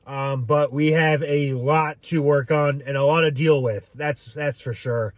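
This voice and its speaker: A man talking through a game reaction in a loose, rambling way, with plenty of filler words and casual cursing. His voice sits a bit high for a man and sounds close and dry, with almost no room around it. He comes across as an off-the-cuff fan commentator. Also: steady tone, measured pace, no echo. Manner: rambling, frequent "um", swears freely.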